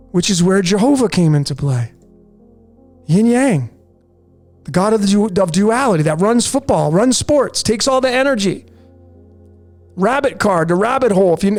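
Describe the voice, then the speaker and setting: High-voiced man insisting on number codes. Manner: insistent, repeats "folks" and "there it is". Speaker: numerology channel host. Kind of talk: conspiracy commentary over slides. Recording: faint music bed behind voice.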